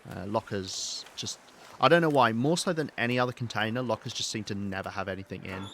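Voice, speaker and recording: Casual male streamer, low voice, loose thinking-aloud commentary. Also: a little fast, a bit bright, slight background noise. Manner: chatty, rambling, thinks aloud while playing. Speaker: game streamer. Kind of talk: live-streamed let's play commentary.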